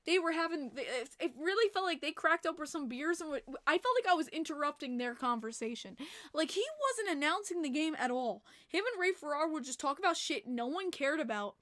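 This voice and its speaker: A woman hosting a casual hockey podcast, animated and laughing often, swearing freely. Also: high voice, a little fast, no room sound, clean studio sound. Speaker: podcast host.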